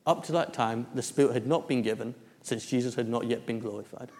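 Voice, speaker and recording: A man's voice: mid-range voice, fairly quick, a little mellow. Man preaching in a hall. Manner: storytelling, with many restarts and fillers. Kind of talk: sermon testimony.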